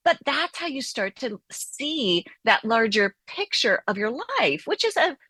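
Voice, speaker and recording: Bright, lively woman therapist. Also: on the high side, a little slow, slightly rough, dry recording. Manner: animated, acts out inner voices. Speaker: therapist and author guest. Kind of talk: conversational interview.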